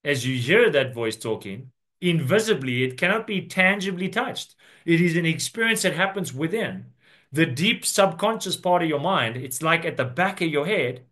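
A man's voice: on the high side, fairly bright tone. Earnest man preaching a sermon. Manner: earnest, drawn-out emphatic preaching with scripture quotes. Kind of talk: sermon on scripture.

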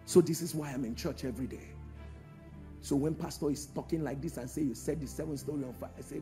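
A man preaching a sermon in a large church, calling out to the congregation and swinging from hushed tones to shouts. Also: on the high side, a little fast, soft background music. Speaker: pastor.

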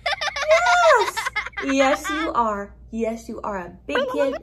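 A preschool music teacher, a woman, talking playfully to young children in a gentle sing-song way, often repeating her words. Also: high-pitched, wildly swooping pitch, extremely slow, background noise.

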